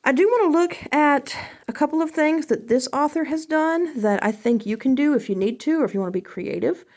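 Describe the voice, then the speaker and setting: A woman's voice: sits high, brisk, a little mellow. A woman teacher giving a recorded class lesson, talking casually and checking in often with "okay?".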